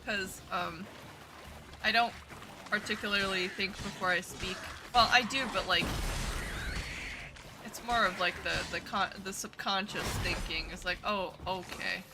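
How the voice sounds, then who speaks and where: A woman's voice: medium pitch, unhurried, pauses often. A young woman streaming a game, chatting casually with her viewers in a rambling, giggly way. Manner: giggly, rambling, talks to chat. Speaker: VTuber streamer. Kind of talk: casual live-stream chat. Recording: gaming stream with game music.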